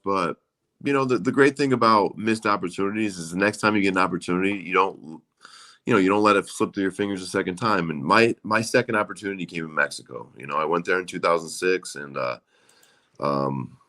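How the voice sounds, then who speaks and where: Brief: man in his 40s, slightly low voice, rambling and profane interview guest. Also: fairly quick, bright, forceful tone. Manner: rambling, swears freely, many fillers. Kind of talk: casual interview chat.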